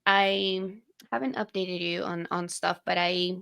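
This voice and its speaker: A young woman co-hosting a podcast speaks in a lowish, creaky, slightly bright and smooth voice, steady in tone and measured in pace. She talks candidly and casually, swearing now and then while retelling personal moments.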